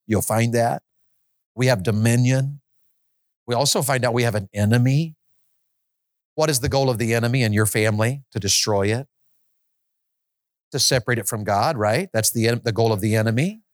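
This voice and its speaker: A man's voice: fairly high pitch, fairly bright tone, no room sound, clean studio sound. A man preaching a sermon in an auditorium, building to impassioned, pleading prayers.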